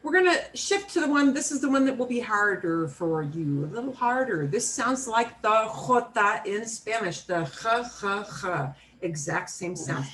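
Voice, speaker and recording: An American woman teaching a beginners' Spanish class, slowly modeling each word for her students to repeat. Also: fairly high pitch, sing-song, fairly bright tone. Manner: slow, clear modeling of words for repetition. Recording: room mic from a distance, faint noise.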